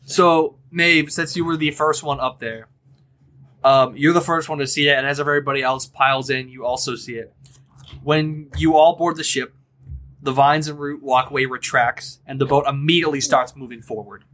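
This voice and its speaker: A man narrating a tabletop game as game master, casual and unhurried. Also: mid-range voice, steady tone, a bit bright, slight background noise. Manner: casual, unhurried, laughs easily.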